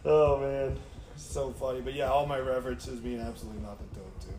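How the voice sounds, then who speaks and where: Animated swearing man in echoey room. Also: mid-range voice, rapid-fire. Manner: animated storyteller, swears freely, acts out quotes loudly. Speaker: shop owner. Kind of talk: casual chat. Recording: echoey room with faint background noise.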